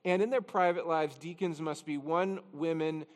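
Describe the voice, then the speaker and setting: A man's voice: a little high, fairly even intonation, moderate pace, big-room sound. A man pastor preaching a conversational expository sermon, with chatty, self-deprecating asides. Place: church sanctuary.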